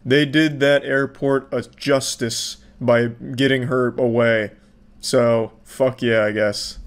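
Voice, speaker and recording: A man giving casual, sarcastic commentary on a video, swearing freely and mocking what he sees. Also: mid-range voice. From Florida, US.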